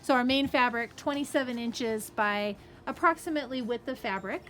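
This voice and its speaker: A woman's voice: fairly high pitch, moderate pace, fairly bright tone. A woman who runs a fabric shop, explaining a sewing project in a chatty, casual way and checking in with "okay?" as she goes. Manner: chatty, friendly asides, frequent "okay?" and "right?".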